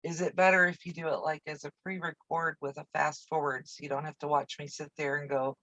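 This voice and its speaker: A woman's voice: low voice, level tone, brisk, hardly any pauses, a bit bright, no room sound, rough recording. A woman hosting a casual live quilting stream from her home sewing room, chatting in a rambling way with easy asides while she works, picked up by a camera on a video-call setup. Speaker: quilting channel host.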